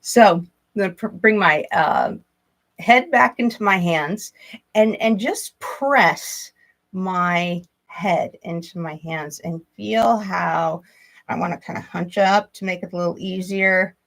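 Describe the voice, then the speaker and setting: A woman leading a yoga and movement class, calmly cueing breath and stretches with the odd soft laugh. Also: on the low side, slow pace, vocal fry, poor audio. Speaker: yoga instructor. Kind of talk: guided movement instruction.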